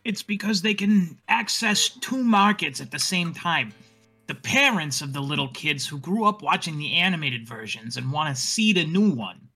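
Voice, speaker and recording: A man co-hosting a casual book-club podcast over an online voice call, animated and a bit profane. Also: on the high side, moderate pace, slightly rough, soft background music. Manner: animated, swears, rising loudness when riffing. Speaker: podcast co-host.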